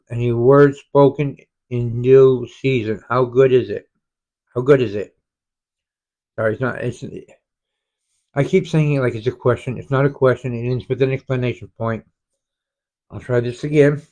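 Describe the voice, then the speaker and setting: A man leading an online Bible study, reading verses slowly and explaining them, often stumbling and restarting words. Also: medium pitch, a little mellow. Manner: halting, frequent self-corrections and restarts. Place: home, online group study.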